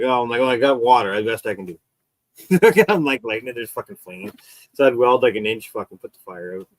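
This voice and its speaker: A man's voice: fairly low pitch, fairly bright tone, no echo, low-quality recording. A man in casual chat, rambling through a work story with frequent swearing. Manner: rambling, profane, laid-back. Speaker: welder co-host.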